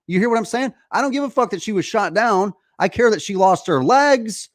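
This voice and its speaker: A man's voice: high voice, animated, brisk, few pauses, no echo, studio quality. A man hosting a heated political podcast, emphatic and profane, often restarting and repeating himself. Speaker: podcast host.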